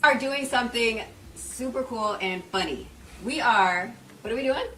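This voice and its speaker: A woman's voice: on the high side, moderate pace, fairly bright tone, slight background noise. A woman teasing and giggling in a casual clip as she films a hair reveal. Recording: roomy sound, distant from mic.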